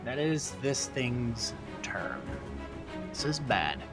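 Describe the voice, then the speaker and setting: A man's voice: mid-range voice, sing-song, slow, a bit bright, faint music behind. A man narrating a tabletop role-playing game as game master, casual, with fillers and sound effects.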